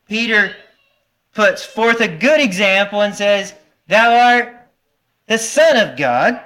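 High, bright-voiced preacher man. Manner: earnest, asks the congregation questions; restarts and corrects himself. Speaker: pastor. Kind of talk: sermon.

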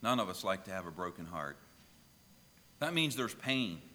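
Lively preaching man in a reverberant hall. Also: deep voice, moderate pace, slight background noise. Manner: storytelling preacher, lively and emphatic. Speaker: pastor. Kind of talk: sermon.

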